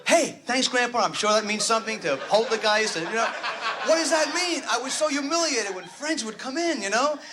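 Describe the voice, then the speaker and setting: A man's voice: very high voice, lively intonation, fairly quick, a loud crowd. A man doing a rambling, neurotic stand-up comedy routine, interrupting himself. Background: audience laughter.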